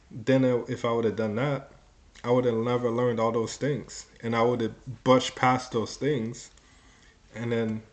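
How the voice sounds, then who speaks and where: A young man in his twenties telling his own story in a rambling, casual way, full of "like" and "you know" and some swearing. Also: mid-range voice.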